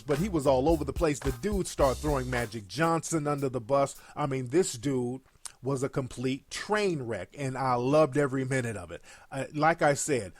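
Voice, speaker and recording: A man giving blunt, mocking commentary over played clips. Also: mid-range voice.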